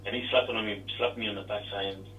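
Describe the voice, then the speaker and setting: A man's voice: lowish voice, steady tone, quick pace, pushed and bright, echoey room, far from the mic, highs cut off, slight background noise. A man, a former rugby league player, chatting casually with rambling restarts and self-deprecating humor. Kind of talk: casual interview chat.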